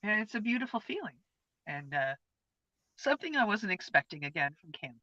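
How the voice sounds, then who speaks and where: A woman's voice: mid-range voice, big pitch swings, fairly quick, sharp tone, dry recording. A woman in her fifties co-hosting a casual chat, telling a personal experience in an earnest, open, heartfelt way. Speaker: co-host. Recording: dull lo-fi, dry sound.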